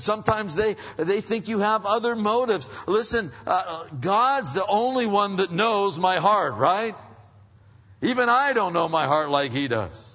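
Husky man preaching in a reverberant hall. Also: sits high. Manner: conversational preaching, swings from loud emphasis to hushed asides. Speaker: pastor. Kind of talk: sermon. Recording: dull sound with long hall reverb.

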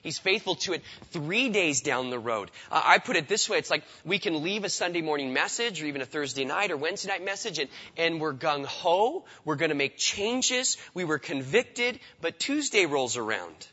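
A man's voice: a little high, lively intonation, moderate pace, hardly any pauses, sharp tone, in a large hall, highs cut off. A man preaching a sermon in a conversational way, often repeating words as he starts a sentence. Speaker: pastor.

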